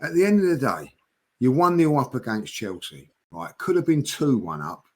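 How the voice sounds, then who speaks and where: A man's voice: mid-range voice, sing-song, normal speed, husky. A man arguing in a football fan debate, stammering and restarting as he talks. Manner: hesitant, stammering restarts, apologetic.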